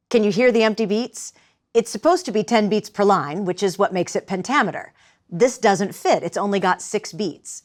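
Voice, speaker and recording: A woman instructor explaining the rhythm of verse and directing actors, in a clear, patient teaching voice. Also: medium pitch, normal speed. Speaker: theater instructor. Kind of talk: lecture with live demonstration.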